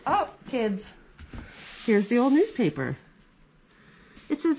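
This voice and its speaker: Animated woman reading storytime. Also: a little high, takes it slowly, long pauses, husky. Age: 40s. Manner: animated, chatty asides to kids. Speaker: children's librarian. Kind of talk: reading a picture book aloud to children. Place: library.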